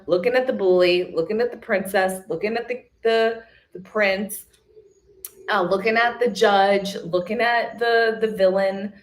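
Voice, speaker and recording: A woman hosting a live self-love retreat, giving an emphatic, casual motivational talk. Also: medium pitch. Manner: emphatic, repetitive coaching; casual, chatty.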